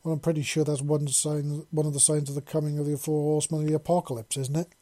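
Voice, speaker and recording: A man's voice: fairly high pitch, level tone, quick pace, mellow, dry recording, lightly acted. A man reading a story, voicing a whiny, nervous young male soldier who turns dramatic. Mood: whining. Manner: whining, dramatic.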